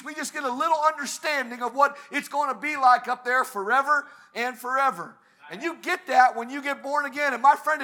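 High, bright-voiced man preaching fervently. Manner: fervent preaching, swelling to emphatic peaks. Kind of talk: sermon. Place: church service.

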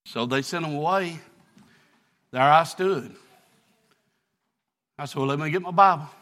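A man, preaching a sermon, telling a folksy story that builds into shouted preaching. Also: on the high side, measured pace. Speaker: pastor.

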